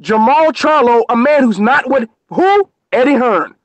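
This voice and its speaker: Unhurried yet animated, a very high-pitched American man delivers an angry, profanity-filled rant as co-host of a boxing live stream. The recording is dry and muffled.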